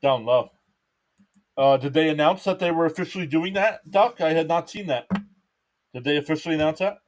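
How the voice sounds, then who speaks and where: A man's voice: fairly high pitch, fast. Man casually calling baseball live. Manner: relaxed, chatty, reads viewer comments aloud. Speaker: live stream baseball commentator. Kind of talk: casual play-by-play and chat.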